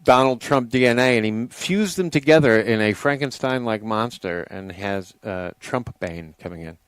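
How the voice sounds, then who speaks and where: Chill podcast host guy, smooth clear voice, dry close sound, joking around. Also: lowish voice, normal speed, no room sound. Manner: laid-back, wry, introducing the guest. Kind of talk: casual chat.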